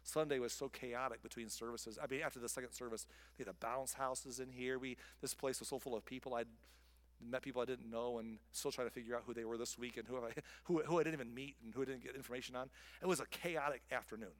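A male pastor preaching a sermon, swinging from loud emphatic lines down to soft whispers. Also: medium pitch, fairly even intonation, quick pace. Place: church sanctuary.

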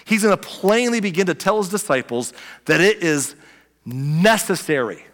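A male pastor delivers a lively sermon, telling the story with energy and slipping into the voices of its characters. His voice sits a little high for a man, and it rings with a long reverb as though he is speaking in a large hall. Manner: animated preaching, acts out voices of the story, chuckles often.

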